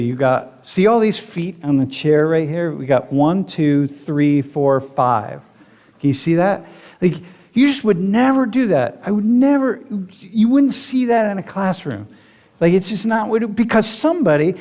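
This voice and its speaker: Animated man lecturing in a hall. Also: a little high. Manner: animated, rambling, many "like" fillers. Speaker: university professor. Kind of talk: classroom lecture. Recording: long hall reverb.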